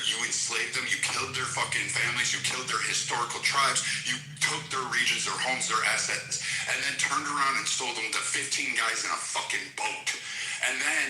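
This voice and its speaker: A man's voice: medium pitch, pushed and bright, echoey room, low-quality recording. A man in a heated online debate, ranting aggressively with constant swearing and mockery. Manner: aggressive, mocking, heavy swearing. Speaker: debate participant. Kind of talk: profane heated rant.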